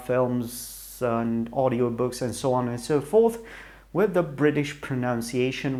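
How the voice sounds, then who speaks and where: A man's voice: medium pitch, a little mellow. A middle-aged man from Romania with a Romanian accent, talking to camera in a hesitant, rambling way and often searching for the right English words. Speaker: YouTuber. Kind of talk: rambling solo talk to camera.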